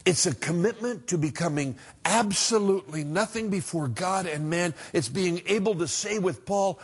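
Husky-voiced middle-aged male pastor preaching. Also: sits high, moderate pace, few pauses. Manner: earnest, conversational preaching with emphatic swings from loud to hushed. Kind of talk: sermon.

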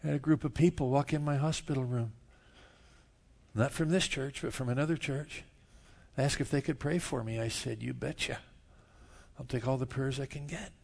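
A middle-aged man preaching a sermon, telling stories and swinging from quiet asides to loud outbursts. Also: medium pitch, moderate pace, vocal fry, husky. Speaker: pastor. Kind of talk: sermon with storytelling.

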